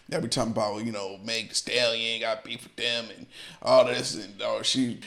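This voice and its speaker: A man's voice: mid-range voice, level tone, normal speed, creaky. A man hosting a reaction show, casually explaining rap lines in a loose, repetitive way. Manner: loose, repeats and restarts, explains each line. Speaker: host reacting to a performance.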